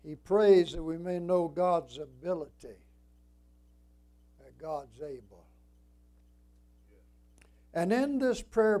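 A high-voiced man delivers an evening church sermon with slow deliberation, his cadence climbing to emphatic peaks and sinking to hushed lows.

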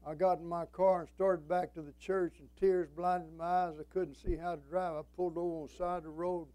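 A man's voice: sits high, level tone, fairly quick, mellow, no echo, poor audio. An older man preaching a sermon as a pastor, folksy and emphatic, quoting scripture and telling stories.

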